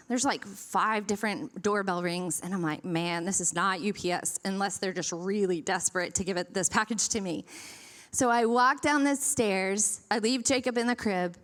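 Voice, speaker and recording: A woman in her thirties giving a storytelling sermon at a church service, acting out the voices in her story and laughing along as she goes. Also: a little high. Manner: animated, acts out quoted voices, laughs through stories.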